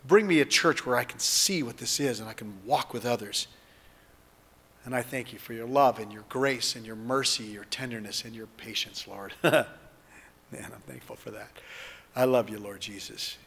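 A man preaching and leading the listeners in an earnest spoken prayer, moving between hushed lines and fervent ones. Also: mid-range voice, moderate pace, husky, big-room sound. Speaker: pastor.

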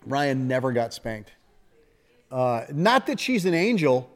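A man's voice: mid-range voice, sing-song, slow pace. A middle-aged man preaching a sermon in a folksy, conversational way, with asides and laughter shared with his congregation. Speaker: pastor.

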